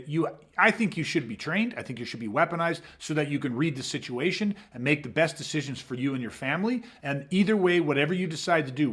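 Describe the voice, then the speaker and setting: A man's voice: mid-range voice, a bit bright. A man hosting a podcast, talking in a blunt, emphatic, profane way. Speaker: podcast host. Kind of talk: casual podcast talk.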